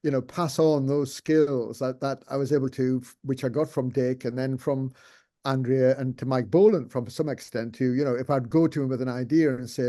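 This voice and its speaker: A man's voice: mid-range voice, steady tone, normal speed, mellow. An older man, a guest in an interview, talking casually and rambling with many restarts. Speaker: interview guest, former TV executive producer.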